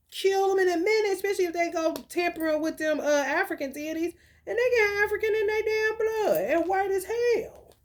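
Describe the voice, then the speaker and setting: A woman giving casual spiritual commentary, profane and animated, with laughing asides. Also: high voice. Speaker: spiritual reader.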